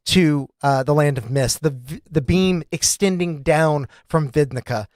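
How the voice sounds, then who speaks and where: A young man narrating a tabletop game as dungeon master, slow and deliberate, with frequent fillers. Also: on the high side, dry recording.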